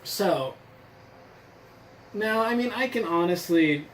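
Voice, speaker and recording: A man's voice: high voice, expressive, takes it slowly, a bit bright, a little hiss or hum, low-quality recording. A man casually reviewing a survival gear box on his channel, rambling and sarcastic, swearing freely. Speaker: vlogger reviewing a subscription box.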